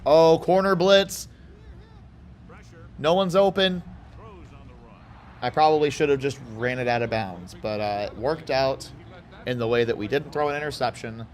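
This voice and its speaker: A man from Houston giving casual, rambling commentary as he plays a football video game, with excited outbursts and side chatter. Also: medium pitch, brisk. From Houston, Texas. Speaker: gaming YouTuber.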